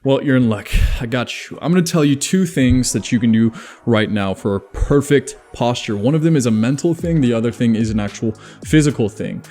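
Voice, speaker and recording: Mellow-voiced man giving casual advice. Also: medium pitch, lively intonation, a little fast. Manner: chatty, self-deprecating, laughs at his own jokes. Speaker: self-improvement video host.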